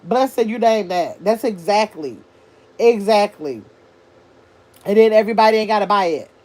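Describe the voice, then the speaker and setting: An older woman hosting a casual livestream, chatting with her viewers and reading their comments aloud as she thinks out loud. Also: medium pitch, normal speed. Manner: chatty, animated, thinks out loud, addresses chat as y'all. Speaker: livestream host reading chat.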